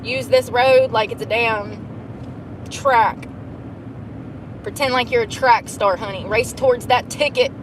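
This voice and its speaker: A woman's voice: a little high, fairly even intonation, a little slow, pauses often, background noise. A woman chatting casually while driving, profane and laughing often. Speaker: vlogger. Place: car.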